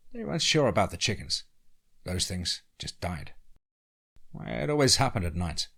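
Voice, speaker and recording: A man narrating a scripted horror story in a measured, tense storytelling manner. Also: on the low side, pushed and bright.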